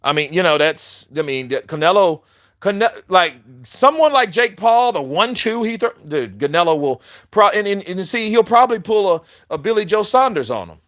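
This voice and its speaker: Casual male boxing commentator, loud and profane, with a bright tone and a dry sound. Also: high-pitched, moderate pace, no echo. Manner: animated, profane, laughs often, restarts mid-sentence; addresses viewers directly. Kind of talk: casual chat.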